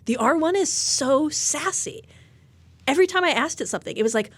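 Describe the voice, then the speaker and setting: A woman co-hosting a casual tech podcast, chatty and animated, peppering her talk with "like". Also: sits high, a little fast, dry recording. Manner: chatty, animated, lots of likes. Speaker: podcast co-host.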